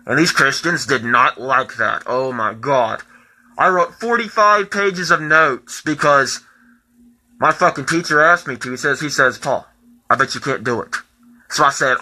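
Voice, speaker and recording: Bright-voiced young man ranting profanely. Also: medium pitch, poor audio. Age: 20s. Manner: profane, heated, rising to shouting. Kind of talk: angry personal rant.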